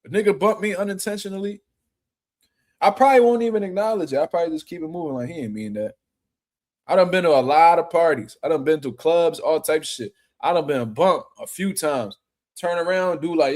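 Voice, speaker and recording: A man's voice: on the high side, fairly quick, a little mellow. A man hosting a casual boxing talk stream, reading out chat and riffing in profane street slang with mocking impressions. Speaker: boxing show host.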